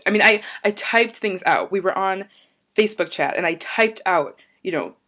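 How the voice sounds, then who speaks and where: A woman's voice: mid-range voice, moderate pace, fairly bright tone. A young woman talking casually to camera in a vlog, rambling and going off on tangents in an upbeat, chatty way. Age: young adult. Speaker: vlogger.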